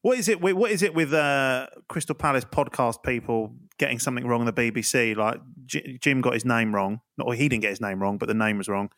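A man's voice: medium pitch, fairly quick, hardly any pauses, a bit bright, no echo. Jokey Englishman, dry close sound. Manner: jokey, playful banter. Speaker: podcast co-host. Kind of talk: casual football podcast chat.

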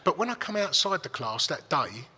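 A middle-aged man tells a rambling story, blunt and full of swearing. His voice is fairly high, bright and forceful, with a husky edge. The room has a long, echoing reverb. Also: big pitch swings, normal speed. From England. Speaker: guest. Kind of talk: casual storytelling.

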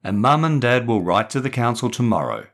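A man voicing a kindly mother who speaks softly and consolingly, in a storybook reading. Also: mid-range voice, sing-song, fairly quick. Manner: soft, consoling.

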